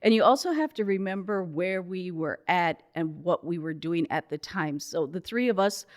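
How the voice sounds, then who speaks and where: An older woman from the United States, giving a guest's measured, explanatory answers in an interview. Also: on the low side, expressive.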